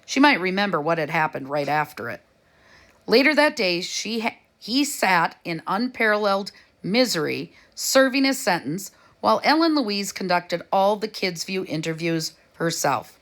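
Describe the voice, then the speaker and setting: A woman narrating a children's chapter book aloud at an even, unhurried pace. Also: mid-range voice. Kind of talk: storybook reading.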